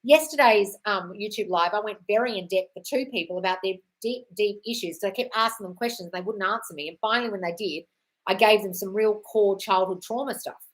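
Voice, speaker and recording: A woman's voice: mid-range voice, brisk. An Australian woman talks straight into her live stream, answering viewer questions as a coach. She is blunt and sweary and keeps calling people darling, and she often reads the comments aloud before she answers them.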